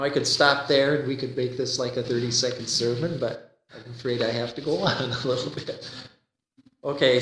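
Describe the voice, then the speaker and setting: Man preaching a sermon, fairly high voice, folksy, echoey church from afar. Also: fairly bright tone. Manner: folksy joke-telling, repeats words when starting sentences.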